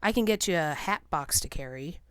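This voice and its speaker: A woman voicing a gruff, bullying male canoe bowman who mocks and sneers in a storybook reading. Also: a little high, expressive, a little fast, sharp tone, dry recording, clean studio sound. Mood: sneering. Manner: sneering, mocking.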